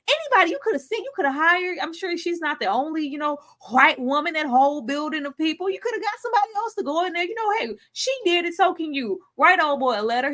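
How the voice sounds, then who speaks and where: A woman hosting a live video-call recap, sassy and slangy, acting out characters in quick voices. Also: sits high, fairly bright tone. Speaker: podcast host. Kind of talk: animated live recap chat.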